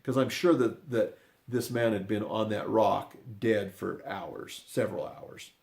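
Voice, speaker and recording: An older man telling a personal story in a rambling, unscripted way, often restarting his sentences and dropping into quiet asides. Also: on the low side, a little slow, gravelly. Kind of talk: casual spoken storytelling.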